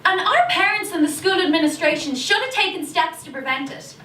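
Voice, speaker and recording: A chatty, confessional Irish teenage schoolgirl, acted by a woman in a stage monologue, her voice pitched high. She slips into gossipy asides with a sheepish yet defiant air. The sound comes from a distant mic in an echoey room over a noisy video call. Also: expressive, brisk, pushed and bright, exaggerated voice. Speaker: stage actor performing a monologue. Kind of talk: theatrical monologue.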